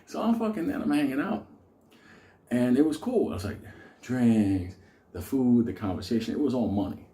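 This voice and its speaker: A man's voice: medium pitch, animated, normal speed, warm tone, reverberant. A middle-aged man telling a wild story in a rambling, heavily profane way, often laughing as he goes. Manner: rambling, heavy swearing, laughs through the telling. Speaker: storyteller host.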